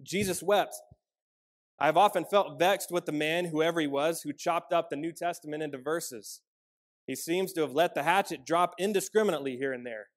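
A man preaching a sermon as a pastor, earnest and measured, often dropping softer on key lines. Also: a little high.

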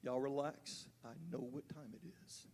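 A man preaching a sermon as pastor, building from calm teaching to fervent, rising delivery. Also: medium pitch, moderate pace. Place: church sanctuary. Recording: church hall reverb.

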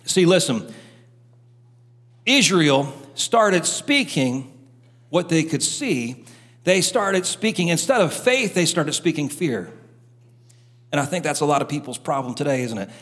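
A man's voice: a little high, lively intonation, a little slow, long pauses, fairly bright tone. A middle-aged man preaching a fervent sermon as a pastor, acting out short doubting voices as he goes. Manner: fervent, preaching with rising intensity. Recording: hall reverb, live church sermon.

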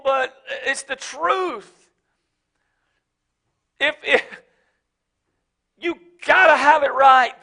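High-voiced, bright preaching pastor. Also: male voice, vocal fry. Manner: preaching with rising shouted emphasis, then folksy asides; casual, joking, speaks of his wife. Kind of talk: sermon.

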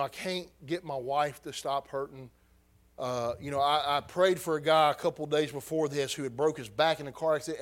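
A high-voiced preacher telling a story from the pulpit. He drops to a near hush, then climbs to loud, heated bursts. His delivery is raw and emotional. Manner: emotional, rising from hushed to loud. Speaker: pastor. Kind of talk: sermon storytelling.

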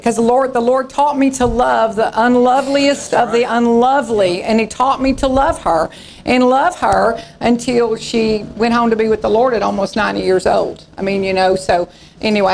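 Gravelly woman preaching. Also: fairly high pitch, a little mellow, low-quality recording. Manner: folksy storytelling preacher, acting out quoted voices. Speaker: pastor. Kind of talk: sermon.

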